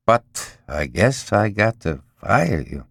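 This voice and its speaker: A man voicing a short, round, sweaty male boss who talks in a hoarse croak, gloomy and exasperated. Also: lowish voice, sing-song, slow pace, a bit bright, no echo, clean studio sound, full character voice. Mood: bleak, apologetic.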